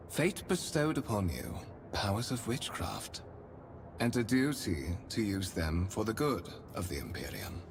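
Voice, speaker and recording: A courtly imperial spymaster. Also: male voice, lowish voice, creaky, noisy background, exaggerated voice. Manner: formal, measured, courtly. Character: refined male imperial spymaster, formal and smooth. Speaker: game character. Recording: game audio with music behind.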